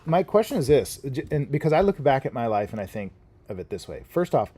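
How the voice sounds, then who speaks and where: A man's voice: mid-range voice, sing-song, brisk, dark tone, husky. A middle-aged man hosting a casual podcast chat, talking things through in a reflective way and swearing now and then. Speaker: podcast host.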